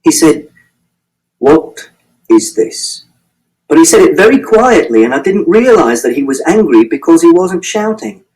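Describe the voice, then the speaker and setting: A man's voice: on the high side, sing-song, brisk, hardly any pauses, a little mellow, poor audio. A man reading a first-person novel aloud in a precise, matter-of-fact, literal way. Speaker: audiobook narrator.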